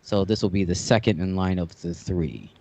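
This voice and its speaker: A man in casual podcast chat, talking hesitantly with halting restarts. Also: low voice, creaky, mellow. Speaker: podcast co-host.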